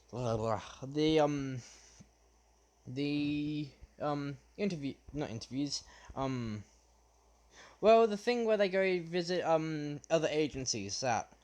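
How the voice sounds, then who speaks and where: Slow, halting young man telling a story. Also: a little high, a little mellow. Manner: halting, many fillers and restarts. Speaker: fan story narrator. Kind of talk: unscripted retelling of a fan story.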